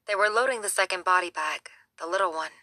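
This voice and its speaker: Female audiobook narrator, steady and measured, bright lower voice. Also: no room sound. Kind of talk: scripted narration.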